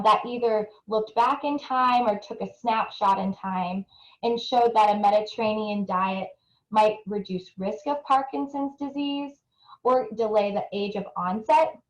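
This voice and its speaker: A woman's voice: on the high side, a little slow, reverberant, rough recording. A young adult woman giving an earnest, explanatory research presentation, often restarting her phrases. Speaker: nutrition researcher presenting a webinar. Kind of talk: presentation talk with audience poll.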